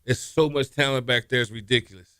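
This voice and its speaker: Guest: middle-aged man, lively storyteller, bright dry sound. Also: quick pace, smooth, no echo. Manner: animated storyteller, acts out quotes with raised pitch, laughs often. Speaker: former college quarterback, guest. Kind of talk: casual storytelling interview.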